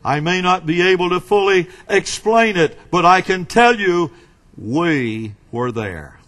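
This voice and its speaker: A man preaches slowly and with weight, rising and dropping dramatically. His voice sits high and bright, with a very lively melody that swoops across each line. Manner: slow, emphatic preaching with dramatic swings in pitch and loudness. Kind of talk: sermon.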